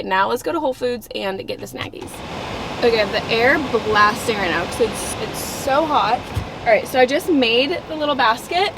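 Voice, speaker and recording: A woman's voice: on the high side, noisy background. A young woman vlogging with casual, upbeat chatter, full of "like" and "you know.". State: out of breath. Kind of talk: casual vlog chat.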